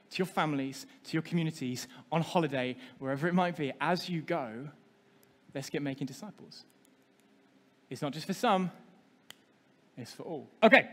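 A man gives a sermon from the front of a church, quizzing the congregation as he goes. His voice sits high for a man. The sound rings out with a long reverb from a large hall. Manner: interactive, asks the congregation questions. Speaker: pastor.

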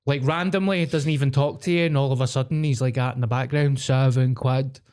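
A Glaswegian man in his mid-thirties, co-hosting a podcast in relaxed, foul-mouthed chat. He tells stories about his family and drops into flat, drawling impressions of relatives. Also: medium pitch, quick pace, smooth. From Scotland. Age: 30s. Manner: sweary storyteller, mimics relatives in a flat drawl. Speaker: podcast co-host.

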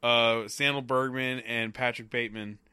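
A man's voice: mid-range voice, level tone, normal speed, sharp tone, smooth, no echo, clean studio sound. A man swearing and joking as he recaps a movie with friends. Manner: profane, jokey, interrupting. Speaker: podcast co-host. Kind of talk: casual movie recap chat.

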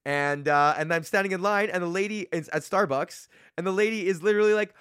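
A man in his thirties with a fairly high-pitched voice hosts his own podcast and rants casually. He rambles, swears freely and mocks himself, breaking into laughter along the way. The sound is close and dry on a podcast microphone. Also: fairly quick, hardly any pauses, a bit bright, clean tone, no echo. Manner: rambling, profane, self-mocking, laughs often. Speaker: podcast host and comedian. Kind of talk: casual solo rant.

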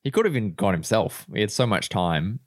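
A man's voice: fairly low pitch, lively intonation, a little fast, no echo, clean studio sound. A man co-hosting a casual football podcast, laid-back and laughing often. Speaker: podcast co-host.

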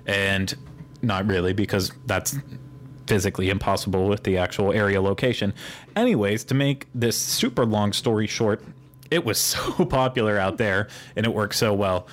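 Rambling host with a Pittsburgh accent. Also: male voice, on the low side, normal speed. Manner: rambling, digressive explainer. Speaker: podcast host. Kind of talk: casual podcast chat.

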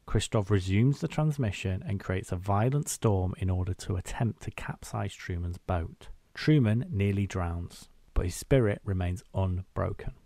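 Low-voiced man recapping a film. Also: creaky, no echo. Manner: animated, quotes scenes in acted-out voices. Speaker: podcast co-host. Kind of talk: casual film chat and plot recap.

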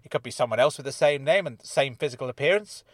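A man voicing an eager, chatty freelance reporter in an audiobook, talking in an animated, jovial and theatrical way. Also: medium pitch, fast talker, no room sound, studio quality, lightly acted. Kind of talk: audiobook character voice.

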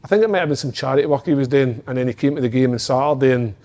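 Fast-talking Scottish man telling stories. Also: medium pitch. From Scotland. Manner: swears freely, animated anecdotes. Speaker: former footballer, podcast regular. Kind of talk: casual storytelling chat.

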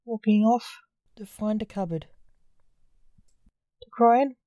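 A woman reads a short story aloud at an unhurried, measured pace. Her tone is soft and dark. The recording is close and dry. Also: medium pitch, no room sound, poor audio. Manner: slow, measured reading.

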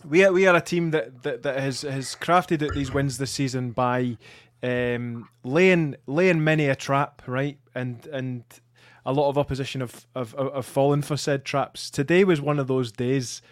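A man's voice: medium pitch, unhurried, no room sound, studio quality. A Scottish man co-hosting a football podcast in casual, sweary chat, often repeating his words. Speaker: podcast co-host.

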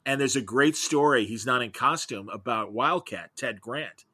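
Bright, eager middle-aged man storyteller. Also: mid-range voice, normal speed, slightly rough, no echo. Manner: enthusiastic, rambling storyteller. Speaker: guest, comics podcaster. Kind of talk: casual interview chat.

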